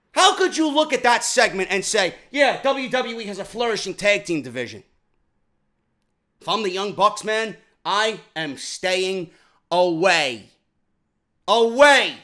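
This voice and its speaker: A man from New York giving a heated, profane review of a wrestling show, firing off repeated questions and often shouting. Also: high-pitched.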